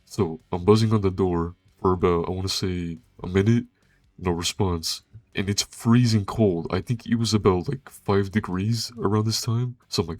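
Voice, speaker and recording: A man's voice: sits low, fairly even intonation, moderate pace, a little mellow, no room sound. A young man, a pizza delivery driver, telling a casual first-person story in a laid-back, slangy way with plenty of swearing.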